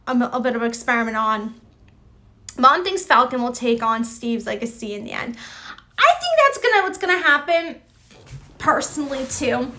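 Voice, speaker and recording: A high-voiced woman chats live with her viewers, casual and rambling. She sounds bright and forceful, reacting to comments with lots of "like" and frequent restarts.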